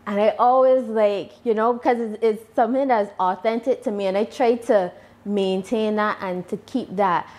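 A woman from Barbados with a Barbadian accent, answering interview questions about her channel in a deliberate, measured way. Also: mid-range voice, steady tone, a little mellow. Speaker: YouTuber guest.

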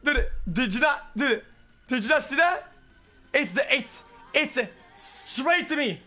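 Guy streaming, super high voice, bouncy and lively, keeps repeating himself. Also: unhurried, soft background music. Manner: excitable, repeats words in bursts. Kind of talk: live-stream reaction talk.

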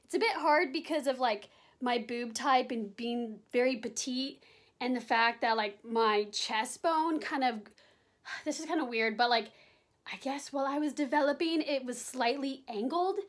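A woman's voice: high voice, moderate pace. A young woman vlogging casually at home into the camera mic, chatty and rambling with lots of likes and ums. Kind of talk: casual vlog chat to camera.

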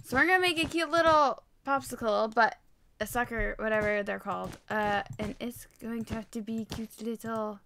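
A woman giving casual gameplay commentary while she builds, excitable and rambling, poking fun at herself. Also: fairly high pitch, moderate pace, gravelly, a little hiss or hum. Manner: excitable, rambling, self-mocking. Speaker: Minecraft video creator.

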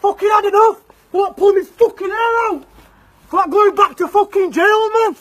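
A man's voice: very high voice, normal speed, a bit bright. A man voicing a crude young lad from the north of England, grumbling and boasting in a comedy sketch. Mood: complaining.

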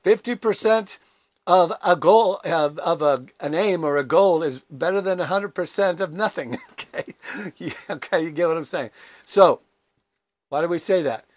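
A man's voice: on the high side, normal speed, no room sound. Emphatic older male preacher, dry sound. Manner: emphatic and animated, with frequent rhetorical questions; candid and self-deprecating. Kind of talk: conversational devotional sermon.

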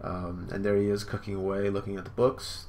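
A man's voice: sits low, flat delivery, fairly quick, a little mellow. A man streaming a live manga reaction from home, casually describing panels with lots of fillers. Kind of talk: live reaction, reading aloud.

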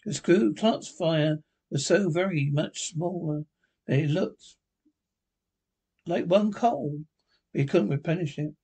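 A husky-voiced man reads a classic story aloud, pitched a little high. His reading is unpolished, with stumbles and restarts along the way. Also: takes it slowly, pauses often, mellow, rough recording.

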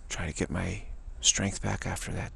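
A man's voice: low-pitched, little pitch movement, normal speed, vocal fry, sharp tone, a little hiss or hum. A man giving a long, off-the-cuff spiritual talk in a rambling, folksy way, with chuckling asides. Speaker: spiritual teacher.

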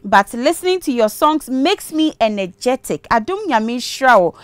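A woman's voice: fairly high pitch, sing-song, moderate pace, clean tone, no room sound. A woman with a Ghanaian accent hosting a church call-in program, reading viewer messages aloud and blessing each sender. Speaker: host.

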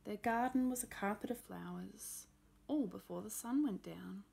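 A woman reads a picture book aloud at a calm storytime pace, stopping to point out details in the pictures. Her voice is mellow and dark with a gravelly texture, and a faint hum sits behind it. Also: medium pitch, normal speed. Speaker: storybook reader.

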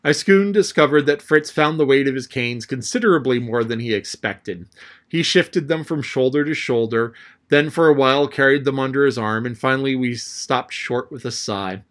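A man reading a classic adventure novel aloud as an audiobook narrator, telling the story in a lively way. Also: normal speed. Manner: lively storytelling, raising his pitch for the boy's lines.

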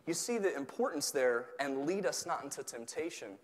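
A man from Tennessee with a Southern accent, preaching an animated, joking sermon in a church, swelling at times to near shouts. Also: a little high, normal speed, few pauses. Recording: long hall reverb.

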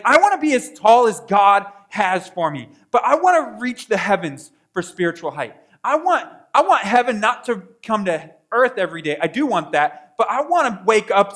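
High-voiced man preaching conversationally. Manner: conversational preaching with rhetorical questions and quoted prayers; swings from quiet asides to loud bursts. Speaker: pastor. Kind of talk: sermon.

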